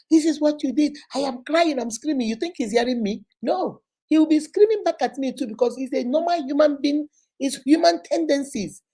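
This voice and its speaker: This high-pitched, mellow female voice belongs to a Nigerian show host who talks animatedly to the camera. She gives marriage advice with sarcasm and a preachy tone, performing the quotes as she goes.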